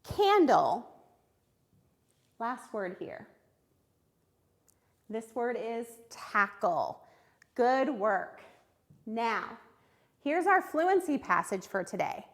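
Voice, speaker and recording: Slow, clear-spoken woman teaching phonics. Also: a little high, very animated. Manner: slow, clear, encouraging, sounds out words. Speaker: third grade reading teacher. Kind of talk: recorded phonics lesson for children.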